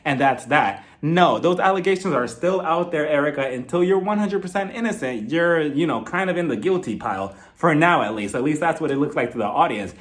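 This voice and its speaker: A man's voice: a little high, lively intonation, brisk, few pauses. A man giving casual, frank commentary on a reality TV episode. He swears freely and laughs often. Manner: frank, profane, laughing, gossipy. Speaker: TV review host.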